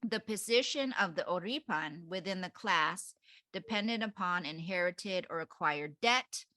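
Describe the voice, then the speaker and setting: A woman co-hosting a casual book club podcast, her voice bright and somewhat low for a woman. She reads passages aloud with hesitant fillers. The recording is dry and close. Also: no room sound. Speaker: podcast co-host.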